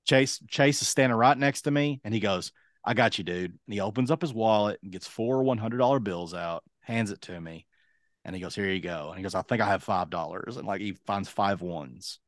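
A young man and podcast co-host telling a casual, lively anecdote, acting out other people's lines as he goes. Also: lowish voice, fairly quick, dry recording, studio quality. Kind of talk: casual storytelling.

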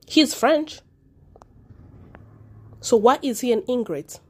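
A woman's voice: a little high, lively intonation, takes it slowly, long pauses, warm tone, slightly rough. Impassioned woman podcast host. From Africa. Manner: impassioned, repeating words for emphasis. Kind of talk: solo commentary podcast.

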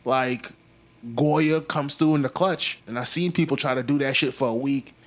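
A young man from Brooklyn, telling stories in a slangy, animated casual chat. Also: mid-range voice, moderate pace. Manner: animated storyteller, slangy, acts out quotes.

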